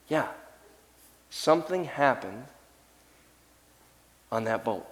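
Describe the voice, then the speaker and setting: A male pastor delivers a sermon with real animation, his fairly high voice rising and falling widely. The sound carries the long reverb of a large church sanctuary. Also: unhurried. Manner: animated, acts out voices of people in the story.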